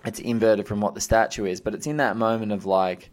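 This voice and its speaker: Podcast host, male, lowish voice, eager, thinks aloud and restarts his sentences. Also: fairly even intonation, fairly quick. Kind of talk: casual podcast conversation.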